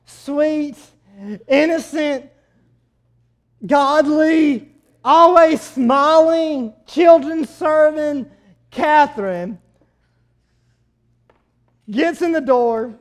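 A man, a pastor telling a story in his sermon, animated and swinging between loud outbursts and quiet asides. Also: very high-pitched, extremely slow, pauses often.

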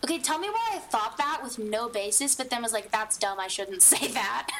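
Wry, high-voiced woman co-host. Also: animated, moderate pace, a bit bright, a little hiss or hum. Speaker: podcast co-host. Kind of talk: casual chat.

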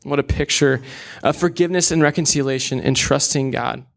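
A man's voice: mid-range voice, fairly quick, gravelly. A young man preaching a sermon in an earnest, candid way, with casual asides.

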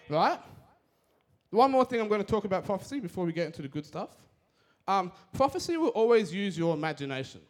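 Animated young man preaching. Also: sits high. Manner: energetic and fast-talking, casual slang. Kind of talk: sermon.

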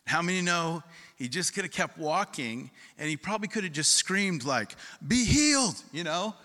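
Bright-voiced preacher in a reverberant hall. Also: male voice, on the high side, normal speed. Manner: conversational preaching, asks the crowd questions. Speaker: pastor. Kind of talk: sermon.

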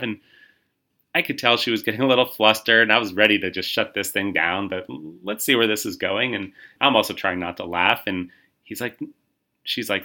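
Bright-voiced male podcast host telling stories. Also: a little fast. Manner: retells a story, acting out quoted voices with lively pitch jumps; frequent fillers and repeated starts. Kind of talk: casual storytelling.

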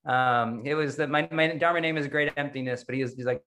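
A man's voice: fairly high pitch, animated, fairly quick, a bit bright. A man who leads a Zen practice group, giving a casual dharma talk to an online group, chatty and self-deprecating with frequent laughter.

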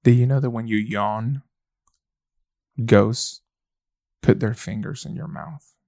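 A man's voice: steady tone, slow pace, a little mellow, dry recording, clean studio sound. A man co-hosting a podcast, chatting in a playful, jokey, campy way. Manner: playful, jokey, drifts into a put-on deep British voice. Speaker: podcast co-host. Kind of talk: campy casual banter.

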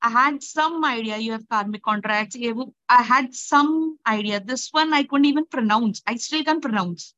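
A woman with an Indian accent speaks in a slightly high voice, hesitant and scattered with Hindi fillers. Her video-call audio is dull and very dry, with no room sound at all. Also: moderate pace, few pauses, sharp tone, dry recording. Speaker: summit participant. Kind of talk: casual chat.

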